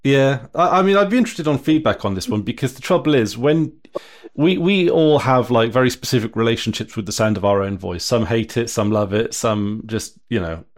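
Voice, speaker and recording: Easygoing British man, mid-pitched voice. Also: animated, fairly quick. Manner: stammers on restarts, easygoing. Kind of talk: casual chat.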